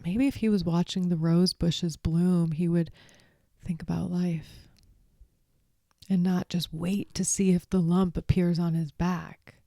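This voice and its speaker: Gravelly-voiced woman chatting about a book. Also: fairly low pitch, unhurried, no room sound, clean studio sound. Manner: chatty and expressive, with asides. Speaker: vlogger. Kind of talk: casual book discussion.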